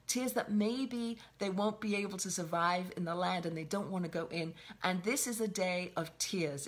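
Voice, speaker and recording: A woman giving a reflective spoken Torah lesson on a weekly portion, often repeating and restarting her phrases. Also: fairly low pitch. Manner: reflective, with frequent restarts and repetition. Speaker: Torah teacher.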